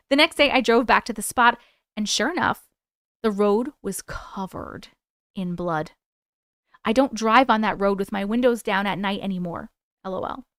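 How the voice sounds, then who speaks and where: Casual New York woman host, higher voice. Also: fairly bright tone, smooth, no echo, clean studio sound. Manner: casual, swears freely, laughs often. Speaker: livestream host. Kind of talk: reading viewer stories and chatting live.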